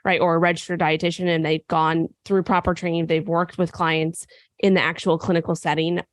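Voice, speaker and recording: A woman co-hosting a fitness podcast, sick and raspy, explaining at length in casual chat with frequent fillers. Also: fairly low pitch, flat delivery, a little fast, no room sound. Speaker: podcast co-host and nutrition coach.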